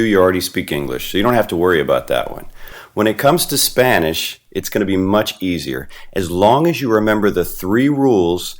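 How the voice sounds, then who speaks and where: A man narrating an animated beginner language lesson in a clear, deliberate teaching manner. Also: on the low side. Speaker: Spanish teacher.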